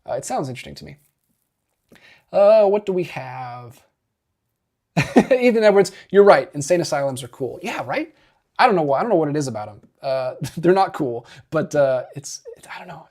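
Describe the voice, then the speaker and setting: A man with a slightly higher voice hosts a casual livestream and chats with his viewers. He talks in an upbeat, rambling way, full of fillers, false starts and quick self-corrections. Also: a little mellow. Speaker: physical media YouTube host. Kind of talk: casual livestream chat reading viewer comments.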